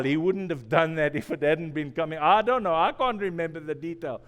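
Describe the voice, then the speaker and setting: A man with a high, smooth, resonant voice preaches to his congregation, telling personal stories with a joking, self-deprecating touch and repeating key phrases. His words ring out through a church with a long, echoing reverb. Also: lively intonation, moderate pace, few pauses, a bit bright. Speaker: pastor. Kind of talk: sermon. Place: church sanctuary.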